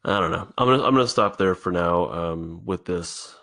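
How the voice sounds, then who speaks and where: Deep-voiced man thinking out loud. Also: gravelly. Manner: rambling, halting, with frequent swearing and restarts. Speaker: podcast host. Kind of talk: solo podcast monologue, thinking out loud. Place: indoor room.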